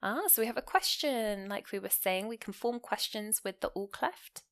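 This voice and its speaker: A woman teaching a grammar lesson. She explains points clearly and leans hard on key words, often. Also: medium pitch, normal speed. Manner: explanatory, stressing key words with lively rises and falls. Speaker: English teacher.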